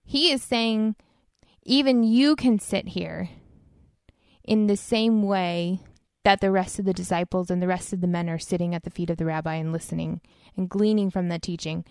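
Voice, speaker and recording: A woman's voice: lowish voice, steady tone, moderate pace, darkish tone, smooth, no echo, studio quality. A woman co-hosting a faith podcast, explaining Bible verses in an earnest, conversational way. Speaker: podcast co-host. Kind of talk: casual faith podcast discussion.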